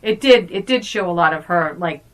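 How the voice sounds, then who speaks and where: A woman co-hosting a podcast, chatting casually about a movie with quick, eager reactions. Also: on the low side, expressive, crowd noise. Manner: reactive, quick agreeing interjections. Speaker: podcast co-host.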